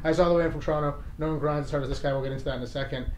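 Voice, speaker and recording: A man's voice: a little high, fairly even intonation, very fast, noisy background. A man hosting a live talk show, introducing guests with eager emcee patter. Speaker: host. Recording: roomy apartment room with audience.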